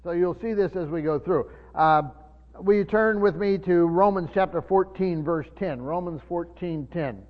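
A man preaching a sermon, teaching from the Bible in a halting way with many fillers and restarts, slowing down to stress key words. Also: sits high. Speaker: pastor. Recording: muffled sermon recording in a reverberant hall.

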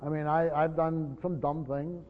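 A man's voice: a little high, flat delivery, unhurried, slight background noise. A man leading a Bible study in a conversational, explanatory way, often restarting his phrases. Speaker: Bible teacher. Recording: dull lo-fi recording in a reverberant hall.

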